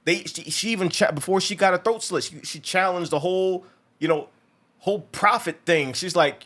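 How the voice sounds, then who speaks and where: Man, movie review host, casual and profane, rambling with restarts, slightly high voice. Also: moderate pace, fairly bright tone. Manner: rambling, many restarts, acts out quotes.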